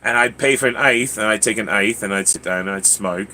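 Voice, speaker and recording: A man's voice: lowish voice, a little fast, few pauses, pushed and bright, a little hiss or hum. An American man hosting a livestream, telling stories in a rambling, laid-back way with many fillers. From United States. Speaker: livestream host. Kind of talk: casual chat.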